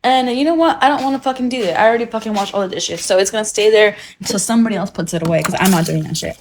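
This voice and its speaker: A woman's voice: medium pitch, rapid-fire, noisy background. A young woman from the United States, chatting casually on a phone livestream at home, giggly and freely swearing.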